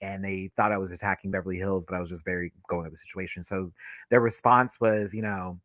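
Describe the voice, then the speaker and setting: A man's voice: low-pitched, fairly even intonation, fast, fairly bright tone, dry recording, clean studio sound. A man giving a live, gossipy reaction review of a drag reality show, talking casually with sassy asides and frequent laughter.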